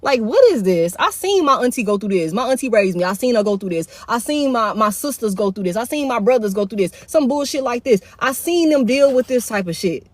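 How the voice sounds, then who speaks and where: A woman reads tarot live into her phone, swearing freely and repeating herself for emphasis. Her voice sits fairly high for a woman, and the sound is dry, close and free of room echo. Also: animated, fairly quick, few pauses. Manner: blunt, profane and repetitive, with heavy slang. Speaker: tarot reader. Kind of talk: casual live tarot reading.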